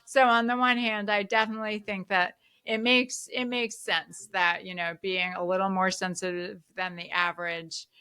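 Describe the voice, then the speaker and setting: A woman hosting a podcast, telling stories in a lively conversational way with frequent laughter. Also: medium pitch, normal speed, hardly any pauses, clear, resonant tone. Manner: animated storyteller, laughs often. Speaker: podcast host.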